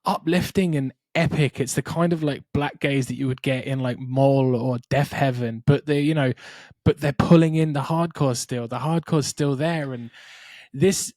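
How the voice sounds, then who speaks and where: A man co-hosts a podcast, describing music in loose, adjective-heavy chat. His voice sits at an ordinary middle pitch. The recording is dry and close. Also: fairly even intonation, normal speed, darkish tone, no echo. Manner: descriptive, piles up adjectives with many "like" fillers. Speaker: podcast co-host. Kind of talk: casual chat about metal records.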